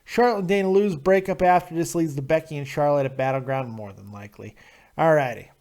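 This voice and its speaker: A man's voice: fairly high pitch, fairly quick, a little mellow. A man hosting a call-in wrestling show, ranting crudely and sarcastically about the matches. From Nevada, USA. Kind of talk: profane call-in wrestling commentary.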